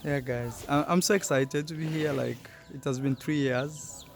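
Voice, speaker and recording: A young man from Kenya vlogging casually at his rural family home, soft-spoken and halting, with many fillers. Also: medium pitch, steady tone, gravelly, slight background noise. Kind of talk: casual vlog chat.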